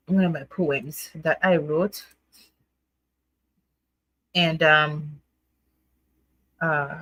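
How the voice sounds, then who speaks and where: A woman's voice: lowish voice, a bit bright, breathy edge, no echo, poor audio. A woman hosting a casual poetry night livestream, chatting and laughing, coaxing viewers to join, then reading her own poem. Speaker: livestream host.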